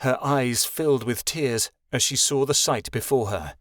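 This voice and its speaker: A man reading a fantasy audiobook as narrator, in a steady, measured way. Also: mid-range voice, no room sound, clean studio sound. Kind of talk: scripted narration.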